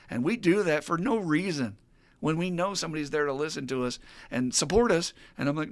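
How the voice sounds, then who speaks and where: A man hosting a podcast, telling stories in a casual, animated and profane way. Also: on the high side, quick pace, dry recording. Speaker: podcast host. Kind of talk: casual chat.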